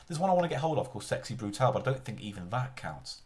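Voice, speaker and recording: A man's voice: mid-range voice, very animated, quick pace, darkish tone. A man chatting casually on a live stream, rambling and often interrupting himself mid-sentence.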